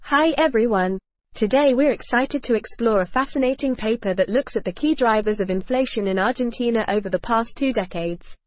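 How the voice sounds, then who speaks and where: A woman's voice: fairly high pitch, brisk, no echo. A woman co-hosting a scripted podcast discussion, with a polished, upbeat synthetic delivery. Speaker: podcast co-host.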